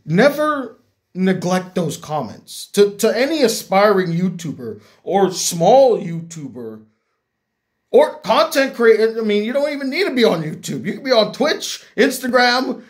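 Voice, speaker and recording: A young man, a YouTube critic, talking earnestly and reflectively to his viewers, often repeating words as he gathers his thoughts. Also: high voice. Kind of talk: heartfelt talk to camera.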